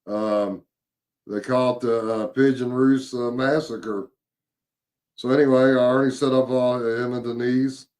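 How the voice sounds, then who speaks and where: A man, casually recounting a paranormal investigation, halting with many fillers and repeated words. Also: medium pitch, flat delivery, a little mellow. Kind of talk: casual storytelling chat.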